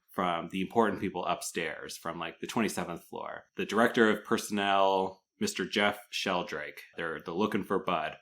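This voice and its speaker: A young man co-hosts a casual podcast, recapping a film scene by scene with eager, fast-flowing chatter. His voice sits fairly low yet comes across bright and forceful. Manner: enthusiastic, animated, frequent fillers. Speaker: podcast co-host.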